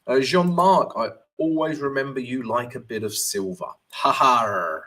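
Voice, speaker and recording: A man's voice: medium pitch, expressive, normal speed, a bit bright. A man, a forex trading coach, casually chatting on a live stream, reading out viewer comments and walking through charts as he answers them. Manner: upbeat greetings, talks while walking through charts.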